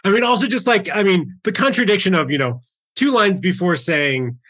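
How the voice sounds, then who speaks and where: A man's voice: sits high, fairly quick. A man co-hosting a casual music podcast, talking loosely with lots of fillers. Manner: animated, loose, many fillers like "you know". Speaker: podcast co-host. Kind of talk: casual chat.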